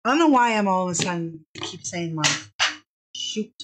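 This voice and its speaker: A woman's voice: fairly low pitch, lively intonation, moderate pace, background noise. A woman hosting a casual live fabric sale stream, bubbly and chatty, stretching out each product name as she shows it.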